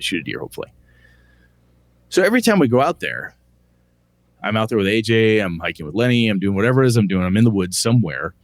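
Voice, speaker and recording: A middle-aged man with a lowish voice that rises and falls a lot as he talks. He co-hosts a podcast in a loose, animated style, swearing freely as he tells stories. The sound is close and dry, with no room echo. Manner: animated, profane, storytelling. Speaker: podcast co-host. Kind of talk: casual chat.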